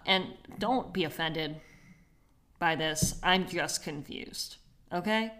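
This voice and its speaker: A woman's voice: fairly low pitch, slow pace, a bit bright. A young woman co-hosting a casual podcast chat, laughing often and reading out quotes in put-on accents. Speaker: podcast co-host.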